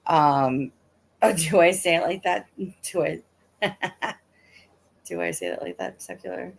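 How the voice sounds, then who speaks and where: A woman's voice: lowish voice, a little slow, gravelly, breathy edge. A middle-aged woman casually telling a rambling story on a livestream, full of fillers and laughs. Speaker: livestream host.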